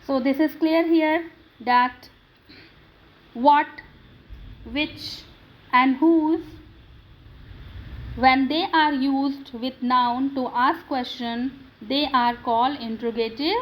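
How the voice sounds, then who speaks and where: Woman grammar teacher, non-native English; high, measured delivery that asks then answers its own questions. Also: fairly even intonation, lo-fi sound. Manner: slow, drilling questions and answers to students. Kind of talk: classroom grammar lesson.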